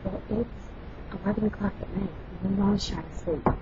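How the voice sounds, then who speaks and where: A young woman vlogging casually, loud and brash, swearing freely and rambling through quick stories. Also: medium pitch, fairly even intonation. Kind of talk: casual chat and storytelling. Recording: lo-fi home recording with background noise.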